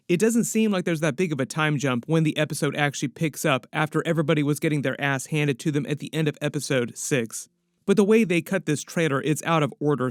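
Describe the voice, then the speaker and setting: A man talks through theories in an easygoing, chatty commentary, often adding "like" as he goes. His voice sits a bit high. The sound is dry and close, with no room echo. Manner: chatty, leans on "like", speculative. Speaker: YouTube pop-culture commentator. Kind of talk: casual video commentary.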